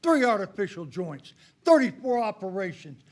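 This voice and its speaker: Heated older man, high voice. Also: big pitch swings, normal speed. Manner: heated, accusatory, emphatic. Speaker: public commenter. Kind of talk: public comment at a county meeting. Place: county commissioners' court meeting room.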